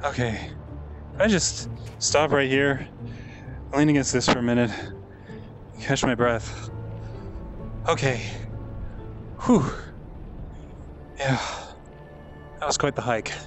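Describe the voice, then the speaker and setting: A man commentating a live game stream, chatty and easily amazed, reading out and thanking viewers. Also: mid-range voice.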